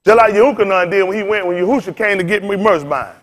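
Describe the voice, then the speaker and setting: Speaking fast in a high voice, this fifty-something man preaches a heated sermon to his congregation. He is tired and exasperated, throwing out rhetorical questions and repeating lines with force that suddenly rises and falls.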